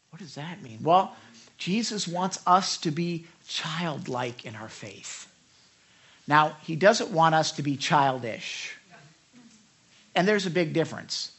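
A male pastor delivers a sermon in a bright, somewhat high voice. He talks conversationally, with restarts and asides to the congregation. When he quotes people, he lifts his voice and acts the lines out. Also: a little slow. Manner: animated storytelling, acts out quotes with raised pitch.

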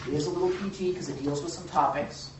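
A man leading a church Bible study, animated and joking, who acts out the quotes he reads. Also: a little high, quick pace, background noise. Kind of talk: church teaching with group discussion. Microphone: room mic from a distance. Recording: echoey hall, far from the mic.

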